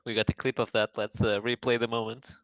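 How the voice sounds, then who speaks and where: A man's voice: mid-range voice, level tone, fairly quick, fairly bright tone, no echo, lo-fi sound. A man co-casting a live game stream, laid-back and teasing, often giggling at his partner. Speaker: co-caster. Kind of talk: casual live game commentary.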